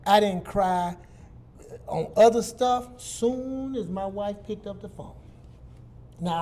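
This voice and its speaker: Man, from Detroit, middle-aged, high voice, animated, repeats himself for emphasis. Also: a little hiss or hum. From Detroit, USA. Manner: animated, vivid storyteller with repetitions. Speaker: guest speaker. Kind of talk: casual storytelling talk.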